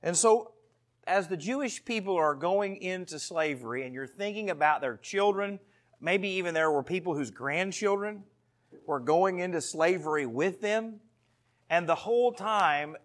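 A man's voice: a little high, expressive, a little slow. A man in his thirties preaching a sermon to his congregation, earnest and storytelling, with asides to the listeners. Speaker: pastor.

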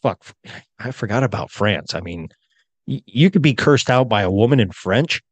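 A man's voice: on the low side, expressive, moderate pace, slightly rough, no echo. A man co-hosting a podcast in a crude, rambling casual chat. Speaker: podcast co-host.

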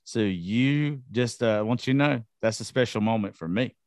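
A man's voice: medium pitch, moderate pace, darkish tone, dry recording, clean studio sound. A man with a Southern drawl hosting an interview show, eager and enthusiastic, swearing casually. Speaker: podcast host.

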